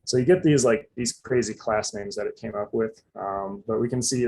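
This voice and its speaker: A man's voice: lowish voice, moderate pace, a little mellow, husky, poor audio. A man giving a casual live coding demonstration, chatty and loose, full of fillers and asides. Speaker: presenter.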